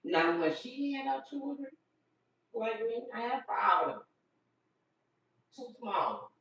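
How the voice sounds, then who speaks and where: A grandmother chats to her livestream viewers and acts out the voices of her family in her stories. She is a bright, animated talker. She sounds a little far from the mic, in a roomy space, and the recording is slightly dull. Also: on the high side, slow pace, vocal fry. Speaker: livestream host. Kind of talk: casual storytelling to viewers. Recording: roomy, distant, slightly dull phone audio.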